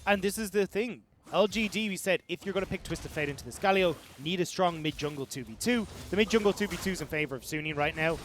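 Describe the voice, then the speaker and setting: A man casting an esports match as the analyst, talking quickly in a fairly high voice. He breaks down lane states and team plans in long, explanatory runs. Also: slight background noise. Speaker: esports caster. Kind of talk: analytical esports color commentary.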